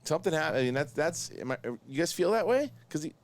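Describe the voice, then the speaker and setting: Excitable male host, casual watch-along commentary, voice swings up and down a lot. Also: fairly high pitch. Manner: excitable, talks fast in bursts, laughs often.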